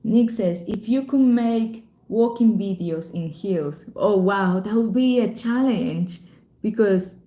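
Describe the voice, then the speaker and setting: A woman chats through a live stream in a mellow, unhurried tone. She reads out viewer comments, giggles easily and apologizes for rambling. Her voice rings a little in a roomy, echoing space. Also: medium pitch. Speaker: channel host answering live chat. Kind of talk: casual live-stream chat.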